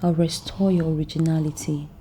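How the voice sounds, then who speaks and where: A Nigerian actress playing a controlling woman who claims to be a mother, speaking slowly and insistently, often hushed. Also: deep voice, little pitch movement, a little hiss or hum, close to an everyday voice. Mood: soothing. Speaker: actress in a film. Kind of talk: film drama acting.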